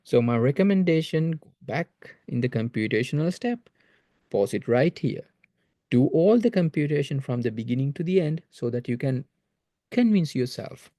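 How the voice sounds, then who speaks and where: A man's voice: mid-range voice, lively intonation, normal speed, mellow, no echo. A man teaching a math lesson in a recorded video lecture, explaining patiently and repeating phrases to stress his points.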